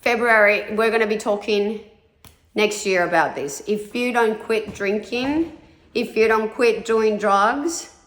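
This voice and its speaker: A woman in her thirties speaks in a middle pitch, telling her own story in a candid, confessional way. She is frank and blunt, swears freely and acts out the voices of people she quotes. The sound has a noticeable room echo around it. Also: a little slow, fairly bright tone. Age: 30s. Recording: echoey room.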